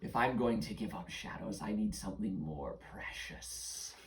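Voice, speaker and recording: A woman voicing a sly shadow creature that hoards stolen shadows, speaking in a slow raspy whisper. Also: rumbling low, lively intonation, reverberant, pitched below the performer's own voice, poor audio. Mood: menacing whisper.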